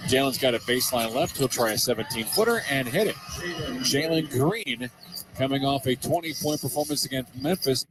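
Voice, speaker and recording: A man calling live basketball play-by-play, getting excited on big plays. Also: mid-range voice, normal speed, over loud music. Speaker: play-by-play commentator.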